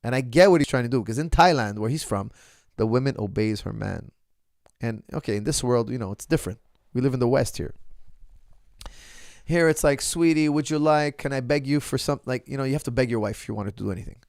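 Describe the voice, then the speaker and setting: Gravelly-voiced man coach talking to viewers. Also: medium pitch, fast talker, darkish tone, no echo, studio quality. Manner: opinionated, addresses viewers as "guys", restarts often. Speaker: martial arts coach. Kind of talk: casual monologue to viewers.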